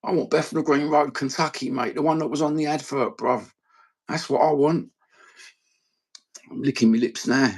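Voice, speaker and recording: A middle-aged East London man chats on his live stream in a rough, gravelly voice with a husky edge. His talk is sweary and blokey as he rambles along in easy banter. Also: fairly high pitch, steady tone, moderate pace, pauses often.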